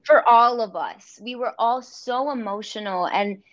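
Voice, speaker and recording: A woman's voice: fairly high pitch, unhurried, fairly bright tone, dry recording. Woman guest on a call, heartfelt, lots of likes, muffled dry sound. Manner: heartfelt, with many fillers. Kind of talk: interview.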